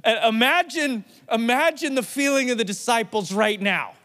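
A pastor with a high, light voice preaches in a loose, conversational way, joking and retelling scripture in everyday slang. His words ring out with a long reverb, as if in a large church hall. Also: normal speed, pushed and bright. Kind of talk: casual conversational sermon.

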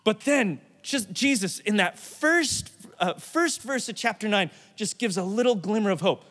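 A man's voice: high-pitched, expressive, normal speed, hardly any pauses, fairly bright tone, long reverb tail. A man, a pastor, giving a casual, joking sermon that retells scripture in everyday slang.

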